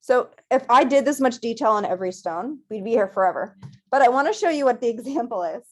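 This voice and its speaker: A woman teaching a virtual painting class, guiding students gently step by step at a close mic. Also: on the high side, animated, fast. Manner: gentle, encouraging step-by-step guidance. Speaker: painting instructor.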